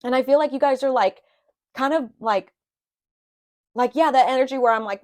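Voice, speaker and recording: A woman whose voice sits high with a darkish tone gives a casual tarot reading at a moderate pace. Rambling and confessional, she uses lots of fillers and restarts and is openly emotional about her own feelings.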